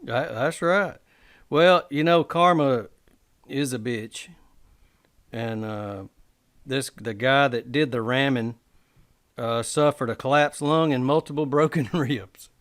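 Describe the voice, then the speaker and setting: Dude reading news slow, lots of uhs, smooth voice. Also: male voice, mid-range voice, a bit bright. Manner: slow, drawn-out storytelling with hesitations. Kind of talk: casual podcast chat.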